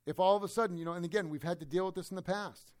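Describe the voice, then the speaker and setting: A man preaching an expository sermon as a pastor. He preaches emphatically, with humorous asides, and swings between loud emphasis and low, quiet remarks. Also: rapid-fire.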